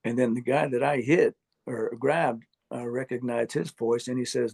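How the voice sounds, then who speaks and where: Gravelly man telling a personal story. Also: medium pitch, fairly even intonation, a little mellow. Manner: halting, earnest, many fillers and restarts. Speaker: near-death experience storyteller. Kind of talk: personal testimony interview.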